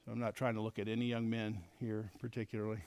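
A middle-aged man teaching a Bible lesson to men, animated and acting out quoted lines. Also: fairly low pitch, fast, clean tone, dry recording. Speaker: men's leadership teacher.

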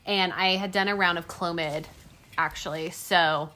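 This is a woman co-hosting a casual podcast chat. She speaks in a slightly low voice. She is easygoing and explains things plainly. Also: fairly even intonation, a little slow, bright, forceful tone. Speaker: podcast co-host.

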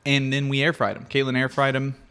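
A man's voice: mid-range voice, completely flat delivery, fairly quick, bright, forceful tone, clear, resonant tone. Easygoing man tasting hot sauces. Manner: easygoing, playful banter. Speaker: co-host. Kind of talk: casual chat.

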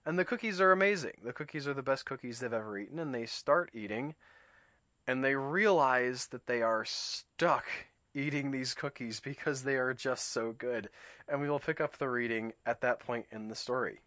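Forceful, dry-voiced man reading aloud. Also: mid-range voice, moderate pace, no echo. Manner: thoughtful, explanatory, with small restarts. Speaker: host reading and discussing a children's book. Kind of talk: reflective commentary and read-aloud.

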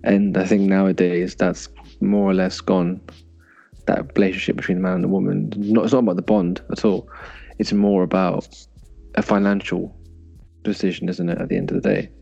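Slow, deep, husky young man. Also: level tone, dark tone. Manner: slow, thoughtful, hesitant. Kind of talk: casual chat. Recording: dull lo-fi sound with faint music.

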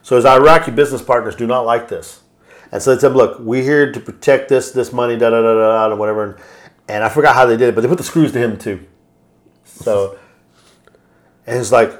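A man on a podcast casually retelling a film's plot in a loose, rambling way, slipping into quick voiced quotes. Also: mid-range voice. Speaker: podcast host. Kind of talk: casual movie recap.

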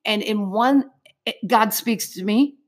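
A woman's voice: medium pitch, measured pace. Earnest woman recounting a faith testimony. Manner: earnest, vivid storytelling in present tense. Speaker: interview guest.

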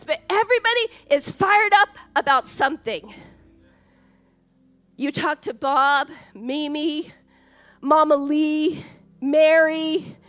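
A woman in her forties preaching a sermon in a church, lively, chatty and joking as she talks. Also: high voice, slow, long pauses. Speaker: pastor.

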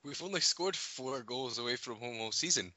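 Sarcastic guy, bright lowish voice, dry dull lo-fi sound. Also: animated, normal speed, no echo. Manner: sarcastic, laughs often. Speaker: co-host. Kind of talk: casual podcast chat.

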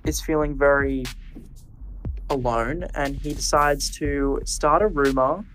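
A man co-hosting a podcast, casually recapping episodes and telling what happened in a relaxed, storytelling way. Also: a little high, slow, slight background noise, low-quality recording. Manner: walks through events in a relaxed, storytelling way. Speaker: podcast co-host.

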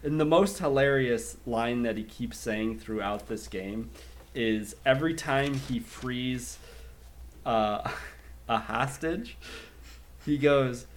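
A man's voice: medium pitch, takes it slowly, slight background noise. Giggly man in casual chat. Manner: laughs often, mimics voices for effect.

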